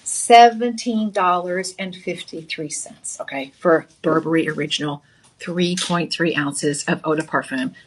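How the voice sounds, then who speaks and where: A middle-aged woman hosting a live TV shopping show, pitching products in a chatty, upbeat sales manner from a studio. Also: unhurried, slight background noise. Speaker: home shopping host.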